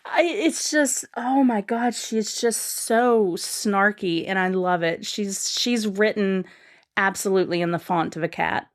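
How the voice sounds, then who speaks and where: A woman's voice: mid-range voice, a little slow. A woman guest on a podcast, chatting casually and enthusiastically, rambling with lots of fillers and restarts.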